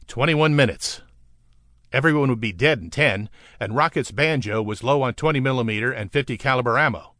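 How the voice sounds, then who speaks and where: A man narrating an adventure audiobook in a steady, vivid storytelling manner. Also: medium pitch, no echo, clean studio sound. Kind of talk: scripted narration.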